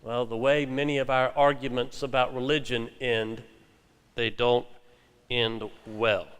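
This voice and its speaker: A man's voice: medium pitch, flat delivery, unhurried, a bit bright, smooth. Male pastor preaching in a reverberant sanctuary. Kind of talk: sermon with scripture reading.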